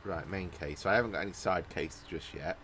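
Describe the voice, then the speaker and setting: A man's voice: low voice, a little fast, fairly bright tone, a little hiss or hum. A man casually commenting on a game he is playing, thinking aloud in a hesitant, rambling way, groggy from a nap and bothered by hiccups and burps. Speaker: gaming YouTuber. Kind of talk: casual let's-play commentary. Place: at home, recording without a camera.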